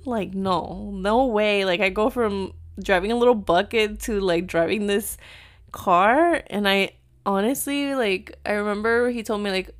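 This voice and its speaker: Woman in her thirties, chatty vlog storytelling, lots of fillers, drops Spanish words, mid-pitched voice. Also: a little slow. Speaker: vlogger. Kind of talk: casual storytelling to viewers.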